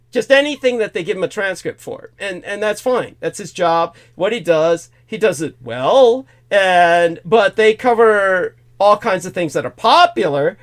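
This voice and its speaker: A man hosting a talk show, ranting in an animated, indignant way with many fillers, restarts and curses. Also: high voice. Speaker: host.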